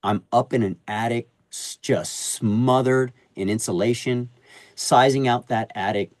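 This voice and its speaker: A man's voice: mid-range voice, a little slow, dry recording. A middle-aged man talking on a podcast, spinning stories with slangy street talk and plenty of energy. His voice sits in a middle register and is recorded dry and close, with no room sound around it. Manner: animated storyteller using slangy street talk. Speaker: HVAC sales advisor, podcast guest. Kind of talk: casual podcast conversation.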